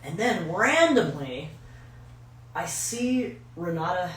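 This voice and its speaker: A woman's voice: lowish voice, slow. Profane storytelling woman in echoey room. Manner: animated, profane, acts out quoted voices. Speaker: podcast co-host. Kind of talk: casual storytelling chat. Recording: echoey room from far off mic, faint ambience.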